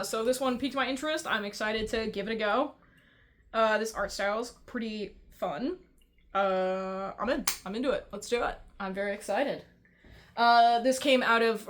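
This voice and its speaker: A woman talking straight to camera in a casual vlog, venting with blunt frustration and plenty of swearing. Her voice sits somewhat high, and she stumbles and restarts as her thoughts race ahead. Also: fairly bright tone. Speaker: vlogger.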